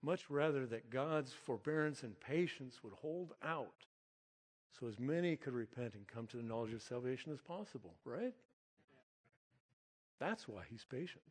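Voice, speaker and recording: A middle-aged man preaching, telling a personal dream story in an earnest, animated way and chuckling now and then. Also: medium pitch, normal speed, breathy edge, long reverb tail. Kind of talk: sermon-style storytelling.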